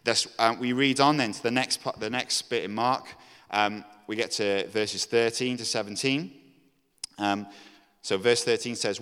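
A man's voice: on the low side, fairly quick, a bit bright, clean tone. A man preaching a conversational sermon, with fillers and restarts as he talks through a passage. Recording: long hall reverb.

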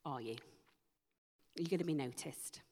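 A woman preaching a sermon, asking slow, emphatic rhetorical questions. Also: deep voice, dark tone. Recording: long hall reverb.

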